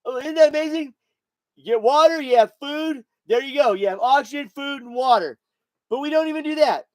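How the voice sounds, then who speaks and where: A man's voice: very high voice, lively intonation, brisk, a little mellow, no echo, low-quality recording. A man in his sixties hosting a podcast, rambling and swearing through a casual monologue while buzzed and intoxicated. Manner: rambling, profane, repeats himself. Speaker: podcast host.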